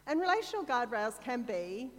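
Speaking in a large hall, an Australian-accented woman from Sydney preaches a conversational sermon at a moderate pace. Her voice sits on the high side and has a sing-song lilt. As a church speaker, she tells stories peppered with chatty, self-deprecating asides.

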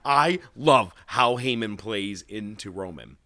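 A man co-hosting a casual wrestling podcast, animated and laughing often as he acts out quotes. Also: on the low side, normal speed, hardly any pauses, no room sound. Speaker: podcast co-host.

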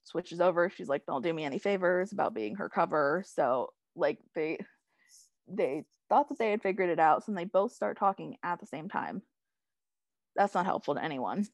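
Brief: young woman co-host, rambly recap voice, lower pitch, dry close sound. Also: expressive, moderate pace, creaky, no echo. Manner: rambling, heavy use of "like" and "um", laughs often. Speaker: podcast co-host recapping a TV episode. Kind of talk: casual chat.

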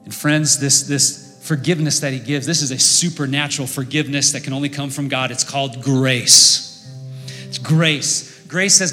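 A man preaching a sermon as pastor, impassioned, building to loud emphatic peaks. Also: fairly high pitch, moderate pace. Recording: long reverb with faint music.

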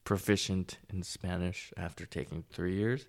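A young man from Hawaii with a low, gravelly voice that creaks at the ends of his phrases. He keeps his replies short and dry, with deadpan humor. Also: moderate pace. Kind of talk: casual chat.

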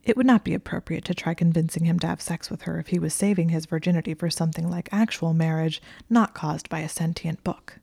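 A woman narrating an audiobook reading of fan fiction in a wry, expressive way. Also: low voice, a little fast, vocal fry, hardly any pauses, slightly rough, no echo, studio quality.

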